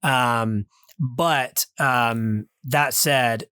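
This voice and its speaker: A man in his thirties talks through a film review on a podcast in a loose, rambling way, stopping and restarting often with plenty of fillers. His voice sits at a middle pitch. It is recorded dry and close, with no room sound. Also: drawn-out words, sharp tone, clean tone, dry recording. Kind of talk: casual review chat. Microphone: remote call mic.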